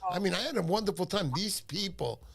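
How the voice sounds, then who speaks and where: A man hosting a fishing livestream, chatting in an animated, joking, rambling way. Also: high-pitched, a little fast, vocal fry. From New York. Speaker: livestream fishing show host. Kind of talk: casual livestream chat.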